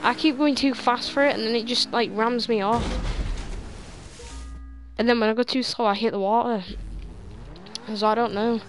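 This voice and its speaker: A woman's voice: on the high side, fairly even intonation, moderate pace, long pauses, faint music behind. A young woman commenting on online races while chatting with friends, easily frustrated and repeating words under pressure. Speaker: gamer playing online races. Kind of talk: live gameplay commentary with voice chat.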